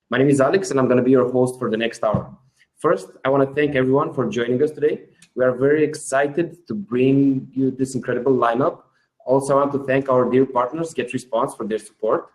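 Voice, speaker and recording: A man's voice: mid-range voice, a little fast, darkish tone, low-quality recording. A man with a Russian accent opens a webinar. He is eager and informal as a host, with a mid-range voice. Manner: enthusiastic, informal. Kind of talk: hosting a webinar.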